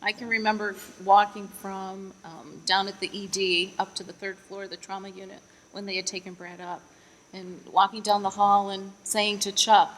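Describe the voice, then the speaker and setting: A woman's voice: mid-range voice, level tone, normal speed, fairly bright tone. A mother giving an earnest faith testimony in an interview, retelling her prayers with rising emphasis. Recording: long echoing reverb.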